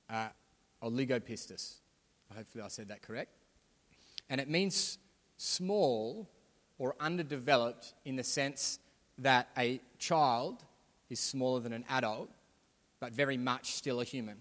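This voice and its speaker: A man with a slightly bright, mid-range voice gives a sermon as pastor, speaking in a conversational way that rises to emphatic points. The setting is a church hall, and the recording has a long hall reverb.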